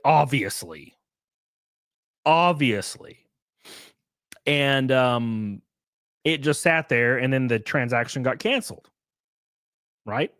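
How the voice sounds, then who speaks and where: A man hosting his own podcast, telling a long story in a casual, animated way, swearing freely and acting out the phone calls he made. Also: mid-range voice, no echo. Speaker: streamer and podcast host.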